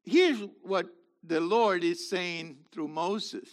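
An older man, a minister and teacher, giving a sermon-style teaching talk, swinging between loud, drawn-out emphasis and quiet, fast asides. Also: fairly high pitch, lively intonation.

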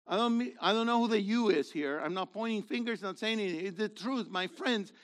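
A middle-aged man preaching a sermon in a loose, conversational way, swinging from loud to quiet. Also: high-pitched, fairly quick. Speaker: pastor.

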